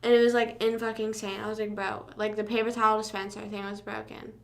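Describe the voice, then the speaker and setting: A woman's voice: medium pitch, little pitch movement, fast, creaky. A young woman hosting a casual livestream, rambling through school stories with lots of filler words and casual swearing. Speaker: livestream host.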